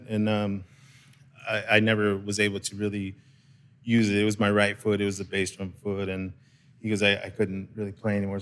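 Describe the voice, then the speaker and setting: A man hosting a casual chat, telling a road story with lively quoted voices and frequent laughter. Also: fairly low pitch. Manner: animated storyteller, laughs often, acts out quotes. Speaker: host. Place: intimate live venue.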